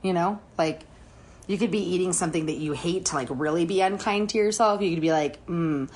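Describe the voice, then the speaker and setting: A woman's voice: fairly low pitch, a little fast, darkish tone, a little hiss or hum. A woman in her thirties co-hosting a podcast, talking candidly in casual chat, swearing and laughing often. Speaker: podcast co-host.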